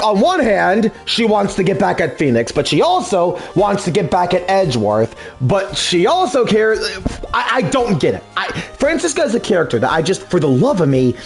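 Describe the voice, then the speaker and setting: A young let's play host dubs a game with excitable, profanity-laced commentary, ranting at a normal speed. His high voice swings widely in pitch, and faint music plays in the background.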